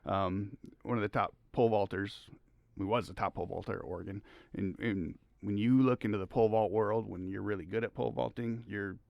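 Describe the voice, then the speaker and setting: A middle-aged man, a high school track coach, telling rambling stories as a podcast guest, laughing often. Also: fairly even intonation, fairly quick, vocal fry, no echo, muffled recording. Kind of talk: casual podcast conversation.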